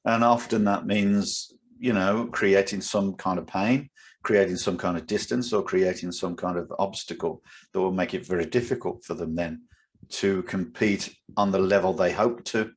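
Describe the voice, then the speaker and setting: Casting note: British man, sixties, low voice, easygoing martial arts teacher telling stories in casual podcast chat. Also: steady tone, normal speed, a little hiss or hum. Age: 60s. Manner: chatty storyteller, laughs often, acts out quotes.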